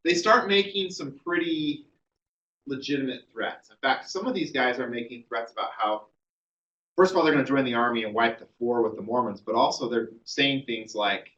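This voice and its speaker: A man's voice: mid-range voice, fairly bright tone. Guy teaching a history class, rambly storytelling w/ lots of ums, mic kinda far off and muffled. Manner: conversational storytelling with many fillers. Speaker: history lecturer.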